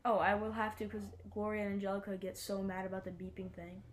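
A woman's voice: medium pitch, little pitch movement, fast talker. A woman hosting a podcast, casually chatting and telling a story with frequent restarts. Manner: rambling, self-correcting storytelling. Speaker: podcast host. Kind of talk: casual chat.

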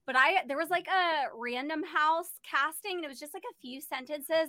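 A woman voice actress on a panel, telling a funny anecdote in an animated, laughing, self-mocking way. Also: high voice, normal speed, few pauses, no room sound.

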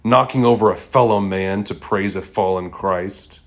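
A man's voice: on the low side, moderate pace, close to an everyday voice. A man voicing a Dutch male café customer who is indignant and sardonic. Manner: sardonic, questioning.

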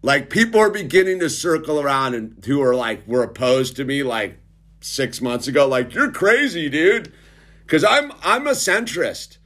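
Very animated and fairly bright in tone, this middle-aged man talks at a normal speed and a medium pitch. His monologue is sarcastic and rambling, full of restarts and repeated calls of "dude."

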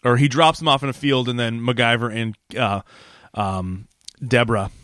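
A man co-hosting a podcast sits close to a dry mic and casually retells a TV episode. His voice sits at an ordinary middle pitch. He rambles, restarts sentences and leans on "like". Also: steady tone, normal speed, a bit bright, dry recording. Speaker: podcast co-host. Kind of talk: casual chat recapping an episode.

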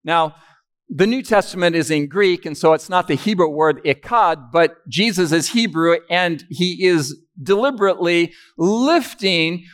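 A man preaching a sermon to an audience in a hall, with a fairly high voice that swings widely up and down. He talks in an unhurried way and keeps asking his listeners questions as he teaches. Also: lively intonation, fairly bright tone.

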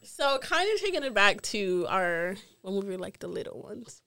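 A woman's voice: medium pitch, very animated, moderate pace, pushed and bright, clear, resonant tone, no room sound, studio quality. A woman hosting a casual podcast chat, asking reflective questions and affirming her guests. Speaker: podcast host.

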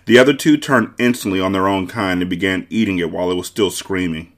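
A man with a low voice reads a novel aloud for his book club podcast. He tells the story in a measured, steady way.

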